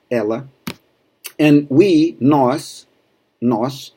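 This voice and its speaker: A man's voice: mid-range voice, unhurried, darkish tone. A man from Rio de Janeiro, a native Portuguese speaker with a Brazilian accent, teaching a Portuguese lesson in English and patiently repeating words for practice. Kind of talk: language lesson.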